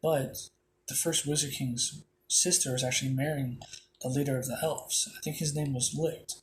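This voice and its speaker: A man's voice: medium pitch, fairly even intonation, normal speed, a little hiss or hum, close to an everyday voice. A man retelling as an earnest young hero. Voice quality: plain retelling voice, hardly acted.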